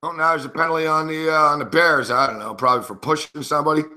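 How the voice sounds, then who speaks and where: A man's voice: on the high side, steady tone, fast talker, sharp tone. A man hosting a sports betting show, giving live game commentary in an angry, profane, indignant rant.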